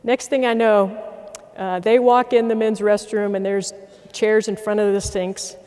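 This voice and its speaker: High-voiced commander in a reverberant hall. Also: male voice, unhurried, clean tone. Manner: animated anecdote, building to emphatic repeated rallying lines. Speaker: military commander giving a closing address. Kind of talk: speech with storytelling.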